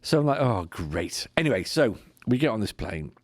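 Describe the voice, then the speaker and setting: A man telling a lively anecdote on a podcast, slipping into mimicked voices and laughing as he goes. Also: mid-range voice, quick pace, no room sound, studio quality. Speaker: podcast co-host. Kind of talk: casual storytelling chat.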